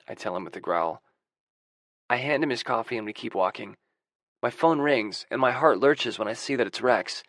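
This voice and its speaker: A man narrating a first-person audiobook in a wry, gruff manner on a close studio mic. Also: on the low side, moderate pace, fairly bright tone, no room sound.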